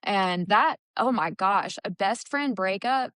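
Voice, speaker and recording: A woman's voice: mid-range voice, expressive, slow pace, fairly bright tone, dry recording. A woman co-hosting a recovery podcast, telling her own story openly and earnestly in casual chat. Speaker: podcast co-host.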